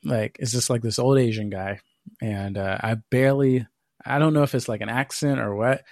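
Male podcast co-host with a gravelly edge and a dry, close mic, for loose, profane storytelling. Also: mid-range voice, moderate pace, darkish tone, no echo. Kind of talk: casual chat.

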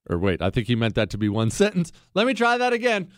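A man's voice: a little high, wildly swooping pitch, fast, few pauses, smooth, no room sound, clean studio sound. A man hosting a talk radio show, speaking in a fiery, emphatic way and repeating lines for punch as he answers listener mail.

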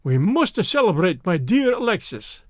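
A man's voice: sits high, very animated, measured pace, no room sound, clean studio sound. A man reading the part of a surly, scheming Russian villain in disguise, with a clipped manner. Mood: gloating.

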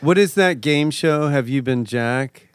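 A podcast host in loose, easy conversation, wandering through jokey anecdotes. His voice is smooth and clear at a middling pitch. The sound is dry and close, with no room around it. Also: a little slow, dry recording. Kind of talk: casual chat.

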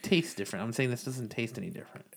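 A laid-back man chatting casually on a podcast, dropping swear words and restarting his sentences as he goes. His voice sits at an ordinary, middle pitch for a man. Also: lively intonation, fast talker, vocal fry, over a noisy crowd.

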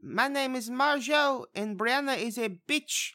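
A man voicing a high-pitched Bulgarian man with a lisp who speaks in stiff, halting English. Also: pushed and bright, heavily acted. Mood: cheeky. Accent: put-on Bulgarian. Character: squeaky-voiced Bulgarian man with a lisp, kept in a basement.

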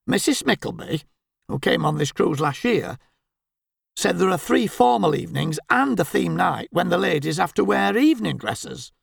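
A man's voice: sits high, sing-song, moderate pace, vocal fry, breathy edge, no room sound, full character voice. A man voicing a bossy, fussy middle-aged wife who scolds in a prim, censorious way. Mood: scolding.

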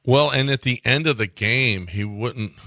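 A man's voice: medium pitch, measured pace, sharp tone. A man co-hosting a sports radio show, chatting casually and egging on his co-host.

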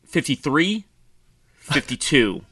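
A man's voice: on the high side, takes it slowly, breathy edge, no echo, clean studio sound. A man co-hosting a football podcast in casual chat, laughing often and joking. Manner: laughs often, jokey and animated. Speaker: podcast co-host.

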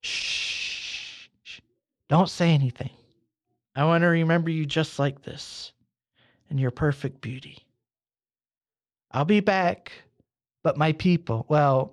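Podcast guy spinning a slow drawn out joke, kinda high voice, playful and theatrical. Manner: affectionate, theatrical farewell to listeners. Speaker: podcast host. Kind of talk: casual storytelling and sign-off.

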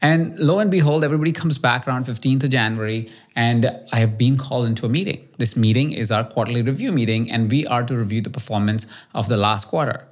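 A man from India, hosting a solo podcast and telling a self-mocking personal story with lively swings in pitch. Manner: animated, self-mocking, quick shifts in pitch. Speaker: podcast host.

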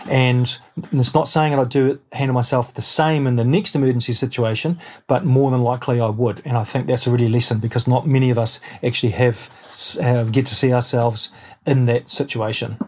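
A man from New Zealand with a New Zealand accent, a guest in an interview, telling his story in an animated, rambling way with many restarts. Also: medium pitch, fairly quick. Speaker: guest, airline pilot and adventurer.

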